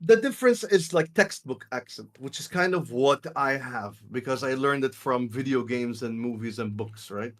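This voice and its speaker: A man's voice: medium pitch, moderate pace, few pauses. A man chatting casually with friends on a live stream, insistent and argumentative, talking over the others.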